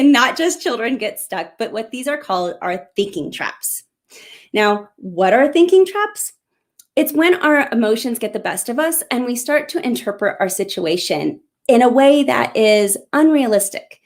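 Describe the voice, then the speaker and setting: Woman, middle-aged, parenting coach, live Q&A talk, encouraging, direct to parents, slightly high pitch. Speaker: parenting coach and show host.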